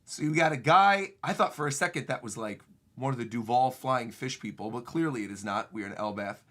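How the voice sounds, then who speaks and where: A man streaming a casual manga reaction, excited and often laughing as he reads lines aloud. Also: medium pitch, fairly quick.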